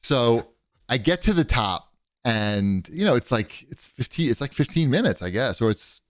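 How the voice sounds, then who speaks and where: A man chatting casually as a podcast co-host, spinning a long rambling story and jumping up in pitch whenever he acts out what someone else said. His voice sits at a middling pitch, and the recording is close and dry with no room sound. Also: normal speed, no room sound. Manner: rambling storyteller, animated when quoting others. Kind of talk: casual chat.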